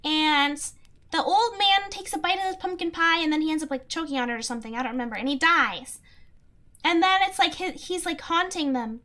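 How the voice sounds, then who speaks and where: A woman's voice: sits high, brisk, sharp tone. A young woman streamer chatting casually and reading chat, rambling with lots of "like" and frequent giggles.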